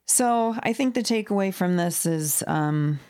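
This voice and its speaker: A woman and mother co-hosting a casual podcast chat, relaxed and agreeable. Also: on the low side, measured pace. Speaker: mother, co-host.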